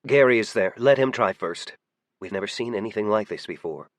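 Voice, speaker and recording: A man voicing a calm, cautious woman who speaks quietly and measured, in a dry audiobook read. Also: fairly low pitch, no room sound, close to an everyday voice.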